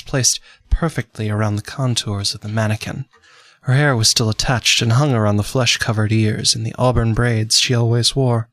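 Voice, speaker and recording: A man giving dramatic, measured scripted narration for a radio drama. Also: mid-range voice, fairly bright tone, dry recording.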